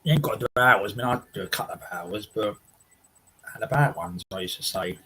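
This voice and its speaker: Bloke on a home livestream, kinda low pitched, rambles on to chat, cracks up a lot. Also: male voice, expressive, fairly quick, bright, forceful tone, slightly rough, low-quality recording. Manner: rambling and chatty, with frequent laughs and restarts; swears casually. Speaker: livestream host. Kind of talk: casual chat reading viewer comments. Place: his house.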